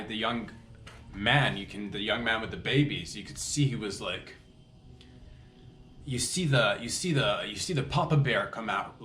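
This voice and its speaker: A man's voice: medium pitch, roomy sound, slight background noise. A man hosting a comedy podcast, telling a story with many restarts and acted-out quotes.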